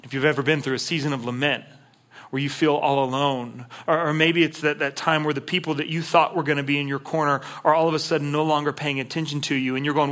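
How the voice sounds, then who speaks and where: A male pastor delivering an impassioned sermon in a bright, forceful voice pitched a little high. He swings from soft, hushed passages to loud, emphatic bursts. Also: fairly even intonation, fast. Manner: acts out prayers in first person.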